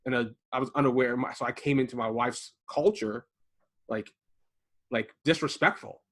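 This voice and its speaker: Man, podcast co-host, casual chat, lively storytelling, home garage. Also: mid-range voice, normal speed. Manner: animated storytelling, acting out quoted voices. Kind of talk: casual conversation.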